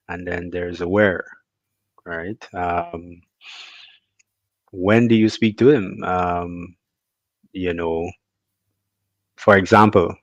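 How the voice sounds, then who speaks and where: A man co-hosting a casual chat, talking slowly and hesitantly with many fillers, on a dull lo-fi recording. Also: low voice, dry recording. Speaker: co-host. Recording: dull lo-fi dry sound.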